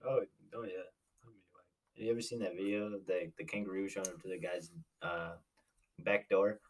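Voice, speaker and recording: A man's voice: low-pitched, steady tone, normal speed. A young American man in casual chat with friends, joking and laughing often. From United States.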